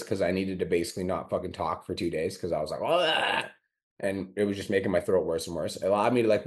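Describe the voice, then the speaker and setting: A low, somewhat mellow voice belongs to a podcast host recovering from a sore throat. He's giving a blunt, profane motivational monologue and playing out his own inner complaints.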